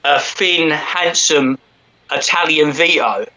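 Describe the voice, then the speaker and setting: A man's voice: fairly high pitch, takes it slowly, pushed and bright, poor audio. A man with a London accent chatting casually as a stream co-host, rambling and swearing with cockney slang. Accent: London English.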